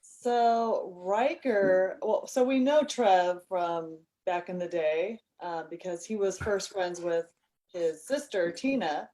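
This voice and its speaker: A woman in a band, a guest in a casual interview, talking in a confident, relaxed way. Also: lowish voice, takes it slowly, poor audio. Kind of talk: casual interview over a video call.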